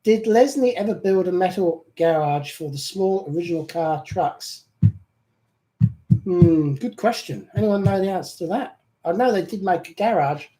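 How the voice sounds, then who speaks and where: A man's voice: sits high, moderate pace, warm tone, poor audio. A man from the UK with a British accent that has picked up some Australian, joking and reading viewer comments as co-host of a live chat. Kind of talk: casual live-stream chat.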